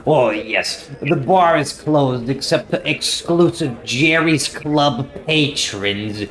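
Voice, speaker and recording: A man voicing a pushy male tavern keeper in a tabletop game, pitching memberships in an upbeat, salesy way. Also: slow pace, fairly bright tone. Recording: roomy echo.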